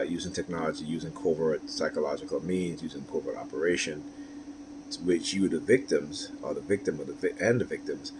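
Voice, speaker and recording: A man's voice: very deep voice, noisy background. A man talking through a personal story, rambling and often asking "right?" with many fillers. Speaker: commentator. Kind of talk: personal monologue.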